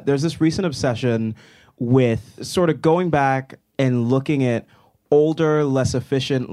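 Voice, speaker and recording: A man's voice: medium pitch, darkish tone. A young man co-hosting a comedy podcast, ranting in a casual, emphatic, argumentative way. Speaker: podcast co-host.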